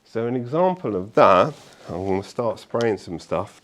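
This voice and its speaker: A man speaks at a meetup event, telling anecdotes to the room. His voice sits a little low, and his delivery is chatty and animated, full of fillers and "okay?" checks with the audience. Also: slow, long pauses, slight background noise. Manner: chatty, animated storyteller with tag questions and fillers. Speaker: conference speaker. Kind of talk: live talk to an audience.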